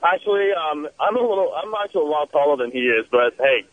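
A man's voice: a little high, animated, fast, no echo. A male caller telling a story on a radio show. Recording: phone line.

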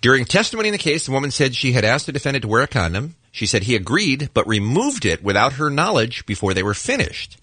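Lively husky male radio co-host. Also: medium pitch, dry recording. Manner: jokey, storytelling, quick and animated. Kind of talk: morning radio banter.

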